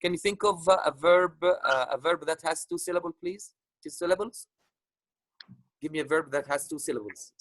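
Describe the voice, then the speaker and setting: A man's voice: a little high, moderate pace, fairly bright tone, no echo, low-quality recording. A man teaches an online grammar lesson in a slightly raised voice, patient and repeating himself, with many fillers. The sound is dry and close. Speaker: English teacher.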